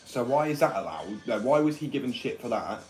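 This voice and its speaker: A man's voice: medium pitch, lively intonation, fairly quick, a little mellow. A man, rambling, opinionated and sweary in casual chat. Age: 20s. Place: workshop room. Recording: echoey room, far from the mic, music behind.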